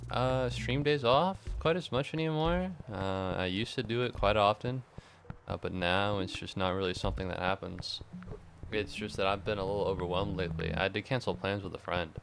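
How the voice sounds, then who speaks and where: Low gravelly tired male streamer. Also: background noise. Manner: rambling, self-mocking, swears freely. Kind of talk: casual chat while gaming.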